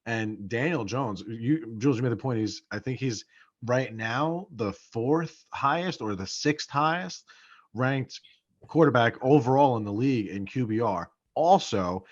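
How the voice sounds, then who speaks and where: A man's voice: medium pitch, a little slow. Man, podcast co-host, casual and profane, hammers points home, dull lo-fi sound. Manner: swears often, repeats for emphasis. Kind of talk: casual sports chat.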